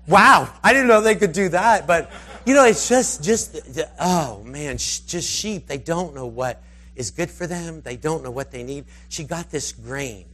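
A man with a fairly high voice preaches through a long anecdote, rambling and animated. His pitch swings widely as he acts out the people in the story. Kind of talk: storytelling sermon.

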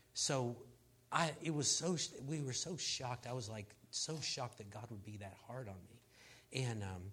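A man, a pastor, sharing a personal testimony on a panel in an earnest, halting way, restarting his sentences and laughing at himself as he goes. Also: lowish voice, fairly bright tone. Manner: laughs at himself while telling the story.

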